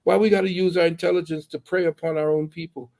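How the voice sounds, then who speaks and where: A man's voice: a little high, steady tone, gravelly, a little mellow. A man in his seventies, speaking earnestly as an elder in a panel talk and often restarting his words. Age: 70s. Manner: earnest, halting, repeats words. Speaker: guest elder.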